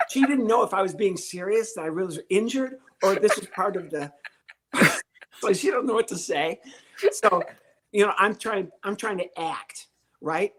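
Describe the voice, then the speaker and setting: Older guy comedian telling a story on a podcast, acts out all the voices, super animated. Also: high voice. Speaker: podcast guest, comedian and ventriloquist. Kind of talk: storytelling interview.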